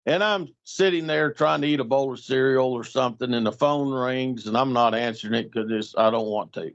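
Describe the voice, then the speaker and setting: A middle-aged man, a guest storyteller, tells a story in casual conversation, animatedly acting out the voices of the people in it. His voice is medium in pitch and brisk. The recording has a dull, lo-fi quality.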